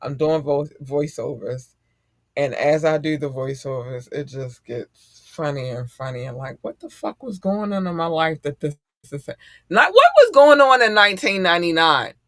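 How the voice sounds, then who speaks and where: Slightly high, profane middle-aged man. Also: no room sound, clean studio sound. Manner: animated, profane and quick to laugh. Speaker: podcast host. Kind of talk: casual podcast chat.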